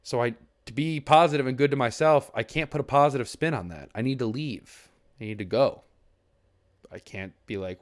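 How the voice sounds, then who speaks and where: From a desk mic at his computer, a young man streams and talks earnestly and at length to his chat in a reflective, casual way. His medium-pitched voice moves at normal speed, with restarts and the occasional swear word.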